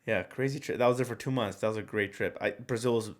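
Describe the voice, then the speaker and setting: A man chatting as a podcast guest, telling travel stories in an animated, joking way. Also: fairly low pitch, quick pace. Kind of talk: casual chat.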